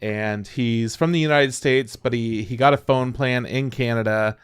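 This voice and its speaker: A man's voice: mid-range voice, normal speed, clear, resonant tone, dry recording, clean studio sound. A man co-hosting a podcast in casual chat, laid-back, laughing along and then telling his own story. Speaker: podcast co-host.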